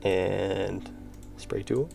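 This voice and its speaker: This man's voice is mellow and steady, with drawn-out words and vocal fry. He's an indie game developer chatting casually on a livestream while drawing, low-key and often muttering to himself, with faint background music.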